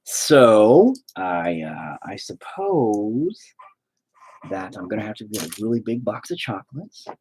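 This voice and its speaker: Brief: low, husky male vlogger, lively, sarcastic, self-deprecating, swears a lot. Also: takes it slowly, a little hiss or hum. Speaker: artist vlogger. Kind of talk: casual self-deprecating vlog.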